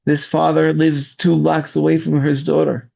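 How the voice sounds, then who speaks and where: A man who commands rescue volunteers, telling his story slowly in an interview and searching for his words. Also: on the high side, flat delivery, vocal fry, mellow. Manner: slow, searching storytelling with restarts. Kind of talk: interview testimony. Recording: dull lo-fi audio.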